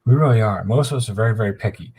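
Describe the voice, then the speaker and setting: A man voicing a big, sassy gay male bouncer, teasing and reassuring in a raised, lively voice. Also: fairly low pitch, rapid-fire, close to an everyday voice, poor audio.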